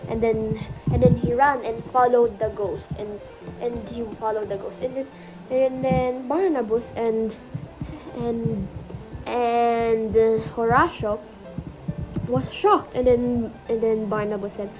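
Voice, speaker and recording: A woman student retelling a story in an oral exam, halting and often repeating herself. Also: on the high side, steady tone, over music, low-quality recording.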